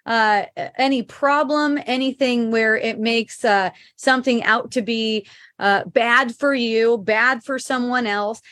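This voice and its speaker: A woman's voice: fairly high pitch, slow, fairly bright tone, no echo, studio quality. A middle-aged woman hosting a casual spiritual chat, reading viewer comments aloud, laughing often and swearing freely.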